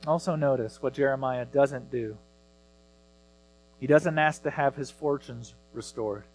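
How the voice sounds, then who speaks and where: A man's voice: mid-range voice, unhurried, poor audio. Man, pastor, sermon, earnest, swells on scripture, faint mains hum. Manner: earnest preaching, rises loud on scripture readings.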